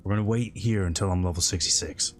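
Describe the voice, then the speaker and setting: A man from the Midwest with a slightly scratchy throat, chatting casually and a bit loudly into a close mic while streaming a game. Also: deep voice, fast talker, soft background music. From American Midwest. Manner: relaxed, rambling, talks a bit loud into the mic. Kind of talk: casual chat while gaming.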